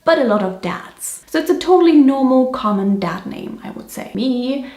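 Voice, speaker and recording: Playful high-voiced woman YouTuber. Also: animated, moderate pace, a little mellow. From Germany. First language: German. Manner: playful, chatty, jokey asides. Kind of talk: scripted casual explainer. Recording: echoey room.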